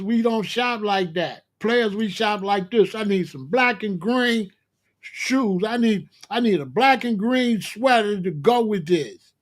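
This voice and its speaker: A man hosting his own channel, delivering a loud, profane, mocking comic rant in slangy streetwise talk. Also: sits high. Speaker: commentary host. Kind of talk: comedic rant.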